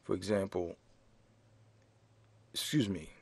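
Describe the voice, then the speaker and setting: A man teaching a French lesson in English, explaining grammar slowly and spelling out words letter by letter. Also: sits low, fairly even intonation, vocal fry, husky, no echo. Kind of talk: slow classroom explanation.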